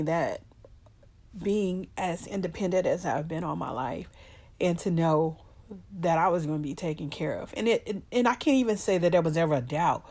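Middle-aged woman, low-pitched, heartfelt vlog storytelling, hesitant fillers, talks to "y'all.". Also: darkish tone. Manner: addresses her audience as y'all. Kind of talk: personal storytelling.

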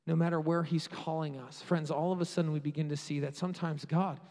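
A man preaching a sermon with passion, rising to loud peaks and dropping to quiet asides. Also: on the high side, steady tone, a little fast. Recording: long hall reverb.

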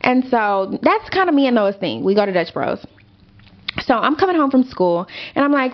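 A woman's voice: a little high, normal speed, highs cut off. A young woman hosting a podcast, telling a story casually with lots of fillers and swearing. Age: young adult. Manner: animated, swearing, rambling with fillers. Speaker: podcast host.

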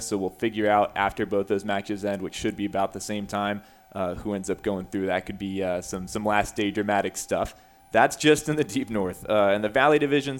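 A man co-hosting a sports radio show, running casually through league standings with fillers. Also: fairly low pitch. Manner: informal, thinks aloud with fillers. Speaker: co-host and play-by-play voice. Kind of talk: sports radio talk, detailed standings rundown.

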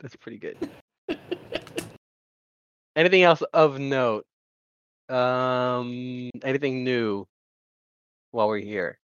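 A man's voice: medium pitch, slow, pauses often, a bit bright, clean tone, no room sound, dull audio. A man from Florida co-hosting a casual podcast, joking and cursing as he chats. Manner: profane, joking banter. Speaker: podcast co-host. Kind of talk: casual chat.

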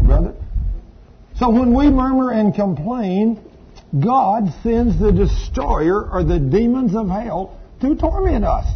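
A man's voice: sits high, lo-fi sound, slight background noise. A man preaching a sermon in church, emphatic and calling out to the congregation. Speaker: pastor. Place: church service.

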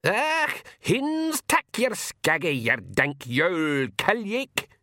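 Diminuto guerrero azul, chillón. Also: male voice, big pitch swings, drawn-out words, pushed and bright, dry recording, full character voice. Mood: furious. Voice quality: shrill, thick dialect. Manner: screaming, gruff. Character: tiny fierce blue male pictsie warrior.

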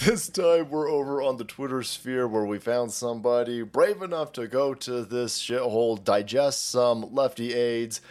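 A man's voice: mid-range voice, moderate pace, hardly any pauses, darkish tone. A man hosting a ranting commentary show, talking in a crude, mocking way and laughing often. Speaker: host.

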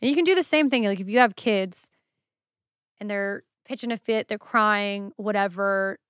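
Smooth-voiced woman hosting a solo podcast. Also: medium pitch, moderate pace, fairly bright tone, no echo, clean studio sound. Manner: candid, casual, swears freely. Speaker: podcast host.

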